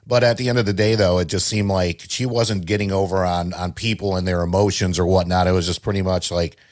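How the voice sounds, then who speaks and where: Low-voiced man in loose podcast chat. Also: steady tone, a little fast. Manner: loose, rambling, filler-heavy talk. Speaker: podcast co-host. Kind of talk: casual chat.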